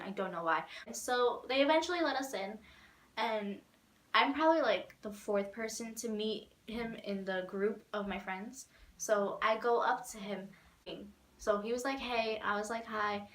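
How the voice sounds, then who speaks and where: Young woman vlogger, casual rambling storyteller, mid pitch, roomy sound. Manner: rambling, animated, many "like"s and laughs.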